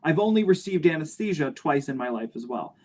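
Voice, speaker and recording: A man speaking on a panel discussion, with clear, crisp and careful delivery. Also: on the high side, very animated, brisk, a little mellow.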